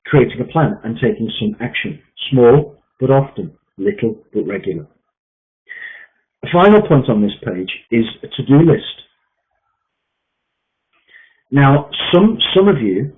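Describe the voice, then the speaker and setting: A man coaching a group on sales mindset, emphatic and repetitive with frequent fillers. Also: mid-range voice. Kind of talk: coaching session talk. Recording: tinny phone-like line.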